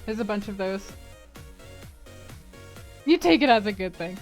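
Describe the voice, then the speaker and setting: A woman's voice: medium pitch, lively intonation, unhurried, faint music behind. A woman streamer chatting casually while she plays, rambling and laughing often. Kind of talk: casual chat while gaming.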